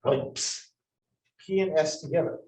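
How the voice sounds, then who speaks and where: Male teacher at a board, slightly high voice, roomy classroom sound from across the room; halting, questioning delivery. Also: a little mellow. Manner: explains step by step with many restarts and questions to the class. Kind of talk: classroom lesson. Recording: roomy, from far off the mic.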